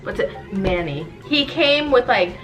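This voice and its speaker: Bright, animated young woman telling stories. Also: a little high, unhurried, soft background music, rough recording. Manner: laughing, swearing, animated. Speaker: storyteller. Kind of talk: casual story time chat.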